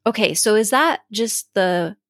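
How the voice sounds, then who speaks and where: A woman hosting a podcast in casual chat, telling stories in a lively, animated way. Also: mid-range voice, unhurried, no echo, clean studio sound. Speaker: podcast host.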